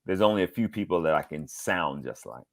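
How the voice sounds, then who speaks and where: Low-voiced man from the South, lively storyteller. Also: a little fast. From Southern United States, Georgia. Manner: animated storyteller, leaps up high when quoting people. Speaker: voice actor guest. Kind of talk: casual interview chat.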